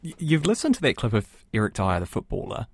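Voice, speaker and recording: A radio interviewer from New Zealand asking quick, lively questions with small stammers. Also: medium pitch, breathy edge, no room sound.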